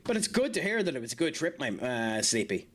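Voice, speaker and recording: This live streamer has an Irish accent and a medium-pitched, sing-song voice, moving at a fairly quick pace. He chats and jokes with his viewers between fights, heavy on the fillers, with game music behind him.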